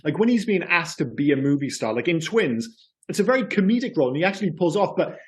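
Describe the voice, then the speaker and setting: A man whose voice sits a little high for a man. He co-hosts a podcast in a relaxed, chatty way. He argues his opinions hard and swears without a second thought. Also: quick pace. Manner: opinionated, swears freely, frequent restarts. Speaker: podcast co-host. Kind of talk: casual film chat.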